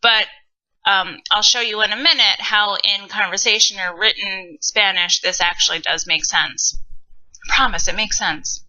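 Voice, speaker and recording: A woman teacher giving a recorded grammar lesson, explaining slowly and patiently with casual asides. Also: medium pitch, steady tone, pushed and bright. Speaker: Spanish teacher. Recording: dull lo-fi recording.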